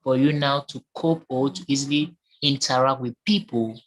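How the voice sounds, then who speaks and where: A man's voice: mid-range voice, fairly even intonation, moderate pace, rough recording. A man giving his opinion in an online discussion, earnest and repeating his points for emphasis over a call. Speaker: discussion participant.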